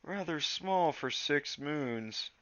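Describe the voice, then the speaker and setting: A man reading a gently stern mentor cat. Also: a little high, animated, slow pace, dry recording, dull audio, voice pushed up.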